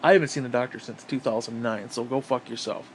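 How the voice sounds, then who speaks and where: A man's voice: mid-range voice, fast, a little hiss or hum. A man from upstate New York delivering an angry, profane, sarcastic political rant on his vlog. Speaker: vlogger.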